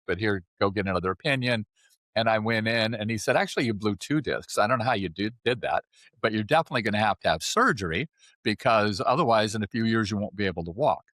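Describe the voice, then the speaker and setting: A man in his seventies, a podcast guest, telling his life story in a chatty, animated way and often checking in with "right?". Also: on the low side, no room sound, clean studio sound. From California. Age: 70s. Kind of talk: casual storytelling interview.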